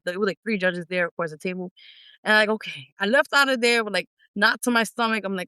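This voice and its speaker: A middle-aged singer talks through her story in an animated way, acting out how she reacted back then. Her voice is bright and crisp, recorded close and dry with no room sound. The style is a casual interview. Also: medium pitch, quick pace, no room sound. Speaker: independent singer, interview guest.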